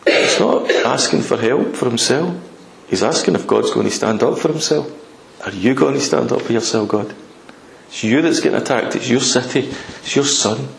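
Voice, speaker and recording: A man's voice: on the high side, expressive, normal speed, vocal fry, pauses often. A man preaching a sermon, acting out prayers in an urgent, impassioned voice. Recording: echoey church hall with faint noise.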